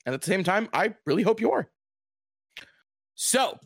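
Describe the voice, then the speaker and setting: A man's voice: high-pitched, very animated, normal speed, pauses often, no room sound. A man narrating as game master of a tabletop game over a voice call, upbeat and playful with loose narration.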